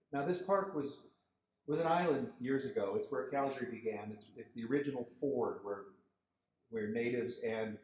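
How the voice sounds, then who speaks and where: A man giving a guest lecture, telling lively anecdotes about a park design project. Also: medium pitch. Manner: storytelling, animated quoted voices. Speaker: guest lecturer, landscape architect. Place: lecture hall. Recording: echoey lecture hall.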